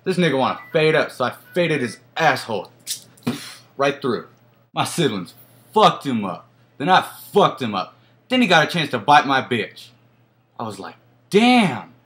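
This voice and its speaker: A man's voice: mid-range voice, big pitch swings, moderate pace, a bit bright. A man playing a cocky young male vampire boyfriend, boasting in crude slang in a comedic parody monologue.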